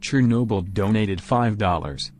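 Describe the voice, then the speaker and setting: A computer-generated male voice reading out viewer donation messages in a flat way. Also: on the low side, measured pace, slight background noise. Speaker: text-to-speech donation reader.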